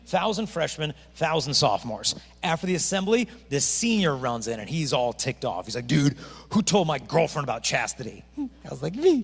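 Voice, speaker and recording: Lively man speaking in an echoey hall. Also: on the high side. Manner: animated storytelling with acted-out voices. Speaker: chastity speaker. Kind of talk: high-energy youth assembly talk. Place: parish hall.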